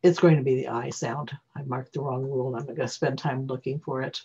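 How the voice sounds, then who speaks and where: This screen-recorded tutorial features a teacher thinking aloud about reading rules, frequently stopping to correct or restart. The breathy, husky voice sits mid-pitch with fairly even intonation and a dark tone, heard through a computer mic in dull lo-fi quality.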